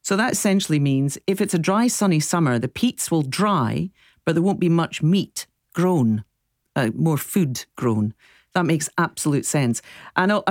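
A woman's voice: deep voice, darkish tone, dry recording. A woman presenting a live radio show, bubbly and chatty, laughing often as she reads out listener messages in the studio. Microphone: studio microphone.

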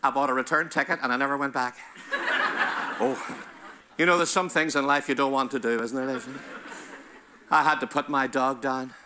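A man's voice: medium pitch, steady tone, fairly quick, long pauses, background noise. A man doing stand-up comedy, firing off punchy one-liners and putting on voices for his characters.

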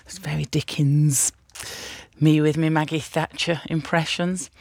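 A woman's voice: low-pitched, steady tone, a little slow, darkish tone, no echo. A woman hosting a radio show, chatting playfully and with self-mockery as she reads out listener messages. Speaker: radio host. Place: radio studio. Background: music.

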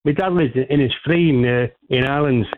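An older man from Liverpool with a Liverpool accent, calling in to a radio show and talking in halting, repetitive bursts full of restarts. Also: mid-range voice, phone-quality sound, a little hiss or hum. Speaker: phone-in caller. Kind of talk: rambling phone-in chat.

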